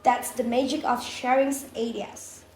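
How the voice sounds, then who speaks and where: Young woman, high voice, earnest podcast co-host, roomy echo. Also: fairly even intonation, measured pace, a little mellow. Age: young adult. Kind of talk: scripted casual podcast chat. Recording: echoey room, far-off mic, faint noise.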